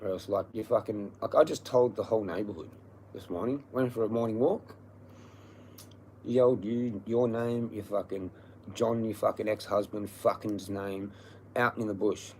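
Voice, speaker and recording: An Australian man ranting profanely on a livestream, his voice hoarse from yelling. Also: fairly low pitch, steady tone, normal speed, slight background noise. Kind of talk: livestream rant.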